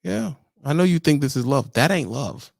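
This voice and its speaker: Gravelly, exasperated trucker ranting. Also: male voice, fairly high pitch, animated, normal speed, no echo, studio quality. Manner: exasperated, preachy lecturing with slang. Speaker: truck driver trainer. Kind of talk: casual vlog rant.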